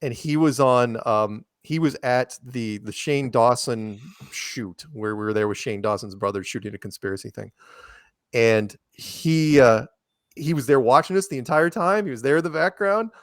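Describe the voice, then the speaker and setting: Man, podcast guest, casual storyteller, acts out quotes, restless restarts, mid pitch. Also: moderate pace, no echo, clean studio sound. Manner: animated, acts out quoted people in raised voices; many restarts and asides.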